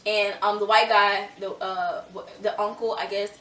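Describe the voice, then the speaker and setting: A young woman telling a storytime vlog in a chatty, animated way, full of fillers. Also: medium pitch, normal speed, noisy background. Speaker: vlogger. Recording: echoey room, a little far from mic.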